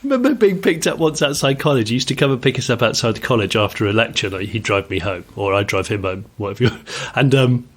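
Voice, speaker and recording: A man in his forties, co-hosting a podcast and telling an animated anecdote with frequent laughter. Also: medium pitch, fast, hardly any pauses, breathy edge. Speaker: podcast co-host. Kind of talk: casual chat, storytelling.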